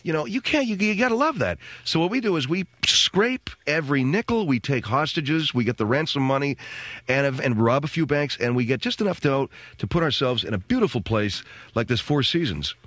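Middle-aged man, radio host, comic storytelling, lively swooping pitch, dry close sound. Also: normal speed, no echo. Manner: animated, jokey, acts out voices and sounds.

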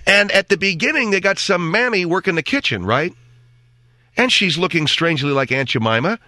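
A man's voice: high voice, animated, fairly quick, sharp tone, no room sound. A man hosting a talk show, delivering a sarcastic, rambling opinion monologue.

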